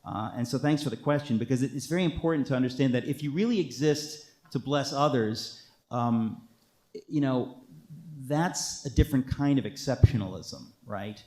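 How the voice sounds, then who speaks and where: A man's voice: medium pitch, normal speed, a little mellow. An American man and author giving an earnest, emphatic interview answer with wry asides. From United States. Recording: echoey room.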